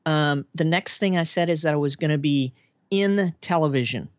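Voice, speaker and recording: A woman, a podcast guest telling her life story in a chatty, animated way with frequent laughs. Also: low-pitched, normal speed, dry recording, lo-fi sound. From Arkansas, USA. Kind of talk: casual storytelling interview.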